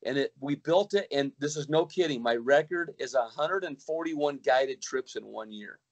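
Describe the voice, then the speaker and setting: Speaking at a moderate pace in a mid-range voice, a middle-aged man who guides kayak fishing trips spins a lengthy, casual tale, often starting over and performing the lines people said.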